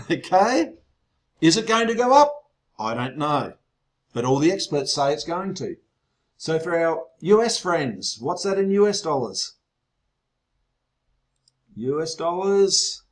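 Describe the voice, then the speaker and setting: A man hosting an online sales webinar, excitable and teasing, his voice growing loud as he gets worked up. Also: fairly high pitch, slow, long pauses. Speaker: webinar host.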